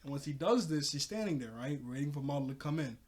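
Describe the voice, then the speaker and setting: Male reviewer, slightly higher voice, loose excitable episode recap with frequent laughs. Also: fast. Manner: excitable, laughs often, talks to the viewer. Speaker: cartoon reviewer.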